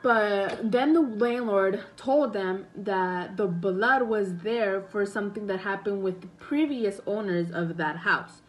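A woman's voice: mid-range voice, slow, hardly any pauses, poor audio. A young woman casually retelling a story to her viewers, rambling and correcting herself with many fillers. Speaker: vlogger.

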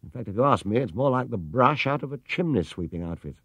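Man doing a mild hesitant dad, a bit puzzled, husky storybook voice. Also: mid-range voice, expressive, quick pace, fairly bright tone, dry recording, voice pushed up. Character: mild, puzzled middle-aged father.

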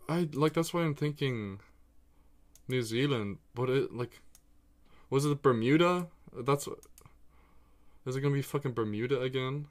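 A man livestreams a geography guessing game, chatting casually and excitably to himself and his viewers and swearing freely. His mid-range voice is a little slow, with long pauses.

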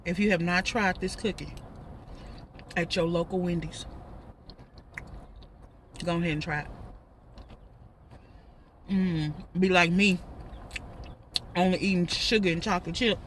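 A woman's voice: lowish voice, fairly even intonation, unhurried, long pauses, far from the mic, a little hiss or hum. A woman in her thirties with a Texas accent, chatting casually and laughing while she eats in her parked car. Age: 30s. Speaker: vlogger. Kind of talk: casual car mukbang chat.

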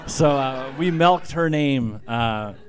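A middle-aged man, an author, giving a humorous storytelling talk to writers, animated and self-deprecating, laughing at his own jokes. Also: medium pitch, slow pace. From Canada.

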